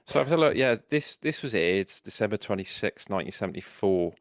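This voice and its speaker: A man's voice: fairly low pitch, animated, brisk, no echo, clean studio sound. A man, co-hosting a podcast in chatty casual conversation. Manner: chatty, sharing researched facts. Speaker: podcast co-host. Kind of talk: casual chat.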